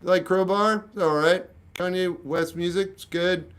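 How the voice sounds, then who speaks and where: Male streamer, casual deadpan chat, slightly raised voice. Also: high-pitched, normal speed, smooth. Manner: dry, offhand, jokey replies to comments. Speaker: livestreamer musician answering chat.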